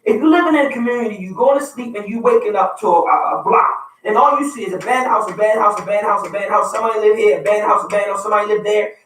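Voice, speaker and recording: A man with a Baltimore accent holds forth on a radio talk show, his voice pitched unusually high for a man. He talks with a preacher's passion, building to forceful peaks. The sound carries a roomy echo, as if he sits back from the mic. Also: quick pace, hardly any pauses, recorded from a distance. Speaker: radio show co-host and youth mentor.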